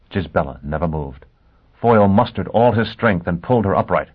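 A man reading a story aloud as narrator in a measured, dramatic way. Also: low voice, expressive, husky. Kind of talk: audiobook narration. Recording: tinny phone-like sound.

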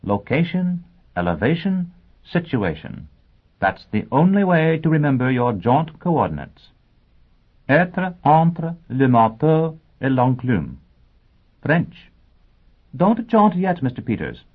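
In an audiobook, a man voices a prim, scatterbrained female teacher, fussy and genteel, with a high, lilting, flustered delivery. His full character voice is sing-song and slightly rough, taken slowly. The recording sounds tinny, like a phone.

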